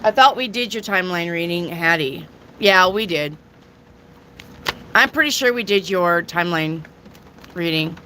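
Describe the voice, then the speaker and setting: A woman with a bright, clear voice reads tarot cards live for her viewers. She talks slowly and chattily, tossing in jokes and the odd crude aside. A faint hum of ambient noise sits behind her. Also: fairly low pitch. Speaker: tarot reader. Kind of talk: casual live tarot reading.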